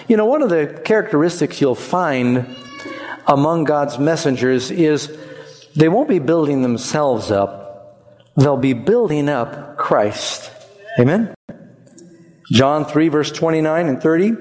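A man's voice: mid-range voice, animated, unhurried, darkish tone. Preaching man in a reverberant hall. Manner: emphatic, asks the congregation to repeat. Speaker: pastor. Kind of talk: sermon.

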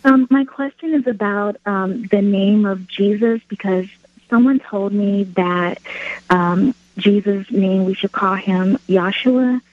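A woman calling in to a radio show, asking a question hesitantly with many pauses. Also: medium pitch, no echo. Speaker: caller. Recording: tinny phone line.

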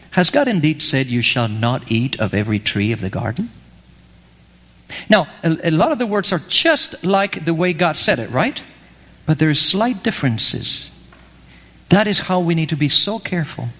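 A man's voice: a little high, fairly bright tone, long reverb tail. A man preaching a sermon, telling a story with animation and acting out the lines he quotes.

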